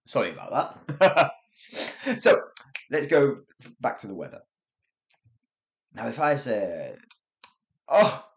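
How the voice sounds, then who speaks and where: A man hosts a podcast lesson on English. His voice rises and falls with expressive pitch as he acts out the example phrases and chuckles between points. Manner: lively, demonstrates tones with acted examples, chuckles often.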